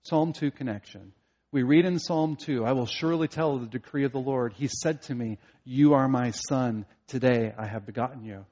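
A man preaching a sermon as a pastor, earnest, at times rising to emphatic preaching and at times dropping quiet. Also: medium pitch, moderate pace, lo-fi sound.

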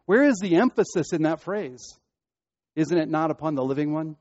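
Pastor, male, higher voice, emphatic repetitive sermon delivery, dry and muffled. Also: animated, moderate pace, darkish tone, no echo. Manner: preaching with rising emphasis and repetition.

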